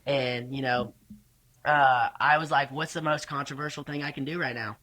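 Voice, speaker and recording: A young man, a podcast guest, telling rodeo stories casually with energetic, profane, stumbling restarts. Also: mid-range voice, normal speed. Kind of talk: casual storytelling.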